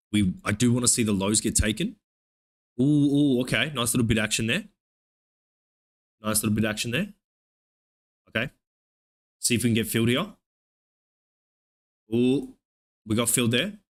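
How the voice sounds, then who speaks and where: A young man from Australia with an Australian accent, streaming live trading commentary in a profane, hyped play-by-play with excited oohs. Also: fairly low pitch. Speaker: live-streaming futures trader.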